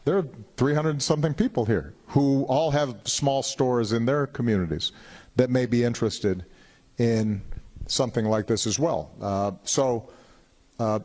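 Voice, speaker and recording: A man in his fifties talks to an audience at a town hall in a big hall. He speaks slowly and with care, pausing and repeating words while he works through an answer. His pitch sits in an ordinary middle range. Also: a little mellow. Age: 50s. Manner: halting, measured, repeats words while thinking.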